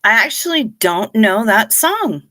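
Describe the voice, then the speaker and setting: A woman runs a relaxed livestream and chats with her viewers in a frank, offhand way, swearing now and then. Her voice sits a little high and sounds bright. She talks slowly and unhurriedly. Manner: chatty and frank, greets viewers by name, swears casually. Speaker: livestream host. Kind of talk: casual livestream chat.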